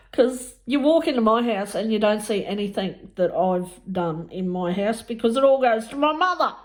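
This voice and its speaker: A middle-aged woman chatting casually about her crafts, telling stories and acting out what others said in higher voices, laughing often. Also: animated, moderate pace. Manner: chatty storytelling, acts out quotes in high voices, laughs often. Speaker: crafting vlogger. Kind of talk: casual chat while crafting.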